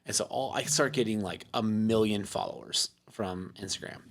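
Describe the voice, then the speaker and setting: A man's voice: on the low side, normal speed, fairly bright tone. A man telling a long story as a podcast guest in casual chat, rambling with many fillers, laughing often and acting out the lines people said to him. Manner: acts out quoted lines in his story.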